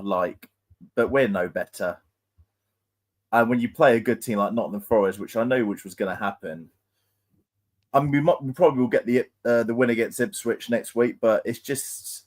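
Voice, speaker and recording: A man co-hosting a fan channel, giving frustrated post-match views with many hesitations. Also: medium pitch. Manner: frustrated, hesitant, lots of ums. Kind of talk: post-match analysis chat.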